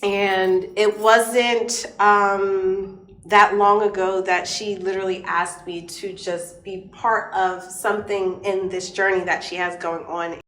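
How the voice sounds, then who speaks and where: Relaxed, slangy woman co-host for a chat show, quick to laugh, recorded in a roomy space. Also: medium pitch. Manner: laid-back, slangy, laughs often. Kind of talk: casual podcast chat.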